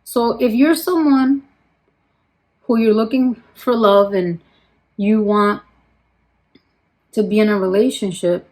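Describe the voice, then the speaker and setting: A woman beauty vlogger chatting casually as she applies makeup, stressing her points with slow repetition and dropping to a quiet murmur when she turns to her products. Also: medium pitch, fairly even intonation, poor audio. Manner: emphatic, repeats points, slows down for emphasis. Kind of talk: casual chat while doing makeup.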